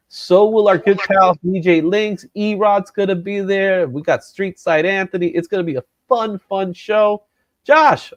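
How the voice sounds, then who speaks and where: A man's voice: high-pitched, no echo, lo-fi sound. A man hosting a comic book show in a loose, joking chat, with easy laughs. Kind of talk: casual chat.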